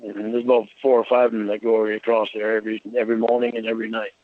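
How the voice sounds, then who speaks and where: Guy calling a radio show, halting and hesitant, muffled radio sound. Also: on the low side, completely flat delivery. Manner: halting, simple, hesitant phrasing. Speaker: radio caller. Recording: muffled radio call audio.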